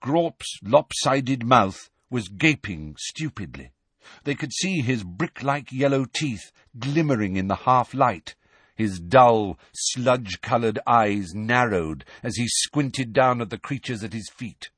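A man's voice: mid-range voice, lively intonation, takes it slowly, fairly bright tone, husky, dry recording. A man narrating an audiobook with a dramatic, varied storytelling delivery.

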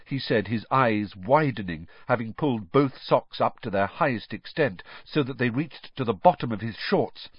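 A man narrating a storybook with expressive storytelling. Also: medium pitch, moderate pace, hardly any pauses, husky, no echo. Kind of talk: audiobook reading with character voices. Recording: dull dry lo-fi.

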